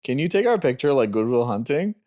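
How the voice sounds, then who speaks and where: A man's voice: mid-range voice, sing-song, fairly quick, dark tone, no echo, clean studio sound. A man co-hosting a movie review podcast as a dad, rambling, restarting his sentences and swearing casually.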